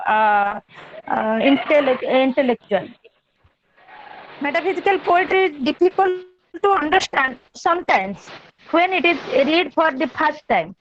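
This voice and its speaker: A high-pitched woman delivers an online lecture in a measured, explanatory way, circling back over key terms. The audio is dull and lo-fi, like a video call, with a faint hiss underneath.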